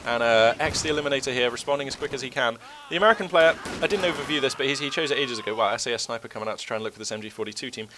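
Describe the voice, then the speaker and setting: A man's voice: medium pitch, very fast, hardly any pauses, background noise. Man commentating with a cold. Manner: chatty and rambling, many fillers. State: has a cold, voice a bit low. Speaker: game commentator. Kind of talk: casual game commentary. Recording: game gunfire and artillery behind.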